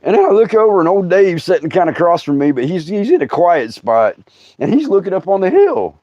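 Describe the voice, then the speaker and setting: A middle-aged man, hosting a comic storytelling livestream, laughing through his tale and breaking into loud outbursts. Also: high voice, big pitch swings, brisk, no echo. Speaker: comedian host. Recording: dull, dry sound.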